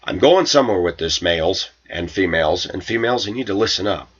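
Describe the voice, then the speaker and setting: Fairly quick and lively, a low, slightly rough and a bit bright male voice tells viewers an aggrieved story about a coworker, on dull-sounding audio. He quotes her and himself with indignation, raising his voice for the quotes, in a personal storytelling rant to camera.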